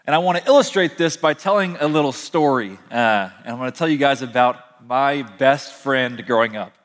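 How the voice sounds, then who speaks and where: Young male pastor in a reverberant hall. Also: medium pitch. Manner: conversational storytelling with slow emphatic pauses. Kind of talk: sermon. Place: large hall, speaking from a stage.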